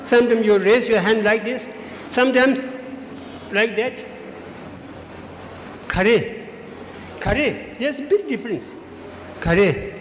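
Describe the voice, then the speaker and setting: A man's voice: extremely high pitch, normal speed, slight background noise. A man giving emphatic feedback to students as a debate judge, repeating his key points. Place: large school hall. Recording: echoey hall, faint ambience.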